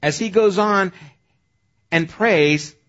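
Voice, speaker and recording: A male pastor preaching a sermon in a conversational, animated way. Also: sits high, takes it slowly, highs cut off.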